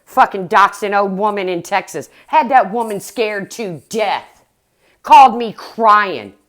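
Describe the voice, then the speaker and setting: A woman's voice: medium pitch, measured pace, a bit bright, dry recording. A middle-aged woman ranting bluntly and heatedly on her livestream, swearing as she talks to her viewers. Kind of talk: angry livestream rant.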